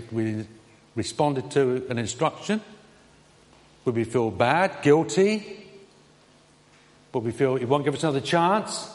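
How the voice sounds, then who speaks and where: Male preacher, mid-pitched, conversational sermon delivery, long hall reverb. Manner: conversational, rising on questions and quotes, dropping soft on tender lines.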